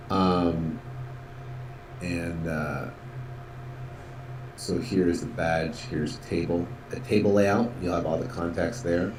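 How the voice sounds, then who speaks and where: Man giving a casual software walkthrough. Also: low-pitched, echoey room, a little hiss or hum. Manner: casual, upbeat, many fillers, acts out sales calls. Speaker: instructor.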